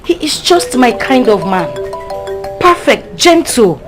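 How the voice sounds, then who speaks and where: A woman's voice: a little high, sing-song, slow pace, music in the background. An actress with a Nigerian accent playing a young woman fed up with her hot-tempered boyfriend. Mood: indignant. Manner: indignant, emphatic.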